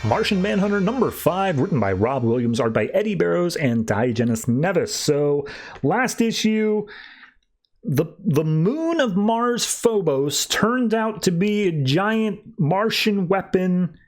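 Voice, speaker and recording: A man hosting a podcast, giving a casual comic book review with an animated recap. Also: sits high, measured pace. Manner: animated recap, acting out character lines. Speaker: podcast host.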